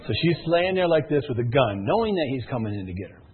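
Excitable guy retelling a movie for laughs, husky voice, pitch bouncing all over, sounds like a phone line. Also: fast talker. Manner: excitable storyteller who gets louder and shouts as the story builds. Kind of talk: comic retelling of a movie plot.

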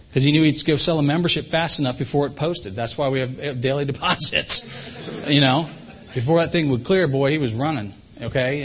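A man's voice: on the high side, muffled recording. A man giving a sales training talk to his team, folksy, repeating points for emphasis.

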